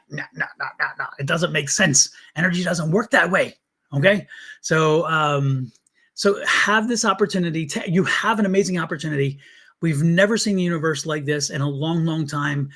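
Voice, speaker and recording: High-voiced man hosting a chatty livestream. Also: a bit bright. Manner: earnest, blunt and chatty, addressing viewers directly. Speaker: tarot reader and livestream host. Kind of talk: casual live stream talk to viewers.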